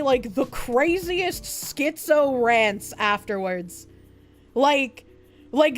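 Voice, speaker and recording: A very high-voiced woman streamer spins a casual story with animated energy. She swears freely, laughs often and mocks the people she quotes. Faint music plays behind her.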